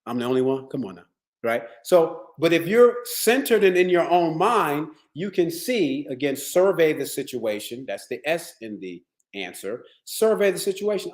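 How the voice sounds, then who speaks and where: A man giving a motivational wellness talk to lawyers. He tells stories in a streetwise, profane, animated way. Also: on the high side, normal speed. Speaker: wellness speaker. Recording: echoey room.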